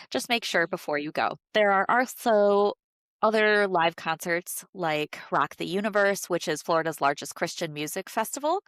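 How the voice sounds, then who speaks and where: A woman's voice: on the low side, fairly bright tone, no room sound, clean studio sound. A woman co-hosting a podcast in casual chat, nasal from a cold, talking loosely with lots of fillers. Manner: chatty, many fillers, laughs often. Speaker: podcast co-host.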